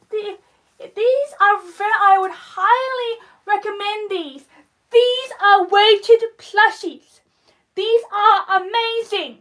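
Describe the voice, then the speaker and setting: A woman hosting a live stream and showing things on camera, speaking in a deliberate, overly descriptive and emphatic way, rambling and giggling now and then. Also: extremely high pitch, sharp tone. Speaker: livestream host. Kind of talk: live-stream show-and-tell chat.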